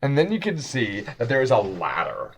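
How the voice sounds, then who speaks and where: Animated man game master. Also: medium pitch, normal speed, vocal fry, a crowd in the background. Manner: casual, rambling descriptions with restarts. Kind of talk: narrating a tabletop game.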